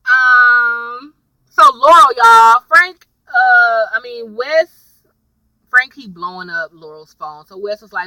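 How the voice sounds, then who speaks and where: A woman's voice: on the high side, slow, pushed and bright, dry recording, far from the mic, low-quality recording. A young woman chatting casually as she recaps a TV episode, slangy and storytelling. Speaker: TV episode reviewer.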